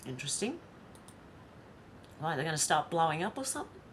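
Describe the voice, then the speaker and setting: A woman's voice: low-pitched, sing-song, a little fast, slight background noise. An Australian woman vlogger reading social media posts aloud and commenting on them in a chatty, wry way. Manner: chatty and wry, with sighs and asides.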